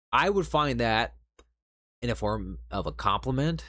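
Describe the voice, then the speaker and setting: A man's voice: medium pitch, huge pitch swings, moderate pace, pushed and bright, no echo. A male streamer giving casual commentary on an online argument and reading out the messages. He sounds sarcastic and lecturing, with exasperated sighs.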